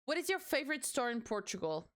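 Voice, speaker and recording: A woman's voice: a little high, sing-song, quick pace, fairly bright tone. A young woman chatting casually on a live stream as she builds, rambling and talking to her chat, her voice a little strained. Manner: chatty, rambling, self-described yapper.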